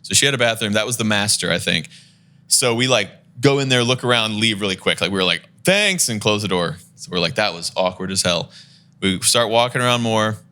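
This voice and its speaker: Bright-voiced man telling a story. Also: fairly low pitch, fairly quick, clean tone. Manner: animated storyteller, laughs while talking, acts out the people in his story. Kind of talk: casual storytelling chat.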